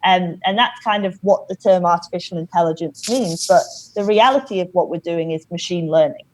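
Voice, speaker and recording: A woman guest on a podcast, explaining things in a measured way with many "you know"s. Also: lowish voice, a little mellow, slight background noise, rough recording. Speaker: company founder, podcast guest. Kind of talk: casual interview talk.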